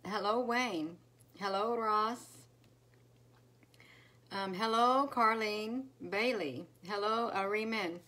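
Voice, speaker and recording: A woman's voice: medium pitch, takes it slowly, long pauses, bright, forceful tone. A woman hosting a casual live stream, greeting viewers one by one by name with many fillers. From United States. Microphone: phone.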